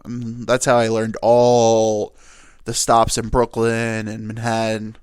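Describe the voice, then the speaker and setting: In a lowish, monotone voice that is slow, darkish, clear, and resonant, a young man hosting a podcast rambles through a personal story, correcting himself and using fillers. He sounds nasal, like he has just been crying. The studio audio is clean and dry.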